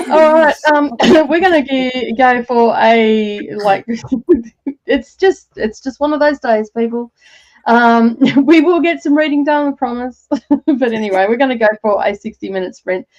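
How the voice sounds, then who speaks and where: A woman's voice: high-pitched, unhurried, darkish tone. A woman co-hosting a reading livestream, giggling, chatting loosely and swearing casually. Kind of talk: casual chat.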